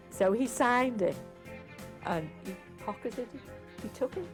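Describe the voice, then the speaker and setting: A woman's voice: medium pitch, measured pace, music in the background. An older woman with a Liverpool accent, telling stories in an interview and acting out the voices of people she quotes. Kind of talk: reminiscing interview.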